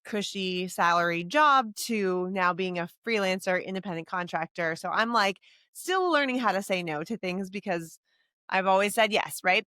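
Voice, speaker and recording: A woman's voice: mid-range voice, a bit bright, no room sound, clean studio sound. A woman podcast co-host in casual chat, telling a candid and emotional personal story. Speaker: podcast co-host and sports broadcaster.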